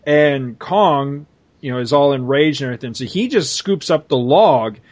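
A man's voice: mid-range voice, expressive, normal speed. A man in casual chat, animatedly retelling a comic story and laughing often.

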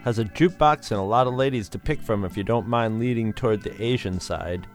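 A man's voice: fairly low pitch, brisk, soft background music, lightly acted. A man voicing a cocky, easygoing male zookeeper who talks casually and persuasively.

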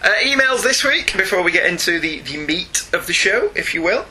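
A man's voice: high-pitched, expressive, sharp tone. A middle-aged British man co-hosting a podcast, reading out listener emails in a chatty manner with frequent laughs. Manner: chatty, slows down and laughs often. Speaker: podcast co-host.

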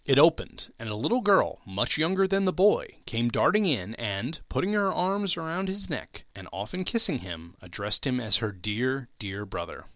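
A man, the podcast host, giving a dramatic reading of a classic story, dropping low and soft on the narration tags. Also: animated, normal speed, hardly any pauses, no room sound.

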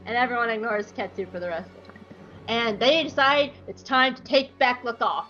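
A woman podcast co-host retelling a fan story in a casual, giggly, animated way. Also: on the high side, brisk, faint music behind. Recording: dull lo-fi podcast audio.

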